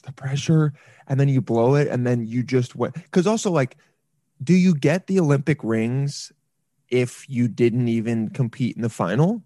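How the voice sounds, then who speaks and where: A man's voice: medium pitch, expressive, normal speed, warm tone, dry recording, studio quality. A man hosting a podcast, chatting casually over a video call, joking and trailing off into restarts. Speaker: podcast host. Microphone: headphones on a video call.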